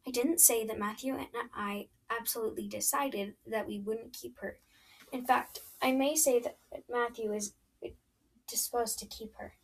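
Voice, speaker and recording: A woman reading the part of a reserved, careful spinster who speaks slowly and deliberately. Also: a little high, steady tone, breathy edge, far from the mic, rough recording. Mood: measured. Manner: slow and measured.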